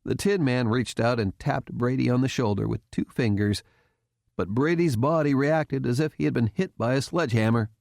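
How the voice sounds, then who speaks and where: A man narrating an audiobook in a steady, even reading voice. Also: medium pitch, normal speed, creaky, no room sound, clean studio sound. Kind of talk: scripted narration.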